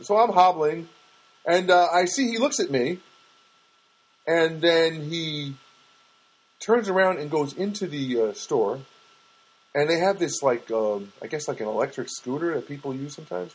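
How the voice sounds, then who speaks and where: A husky-voiced man rambles through a comic monologue, stopping and restarting as he goes. His humor is self-mocking, with many quick asides. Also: on the high side, rough recording.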